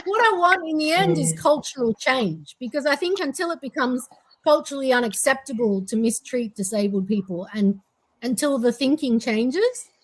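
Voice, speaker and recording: High-voiced woman, earnest chat. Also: expressive, moderate pace, breathy edge, poor audio. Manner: earnest, reflective, with frequent fillers. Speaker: co-host. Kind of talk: casual podcast chat.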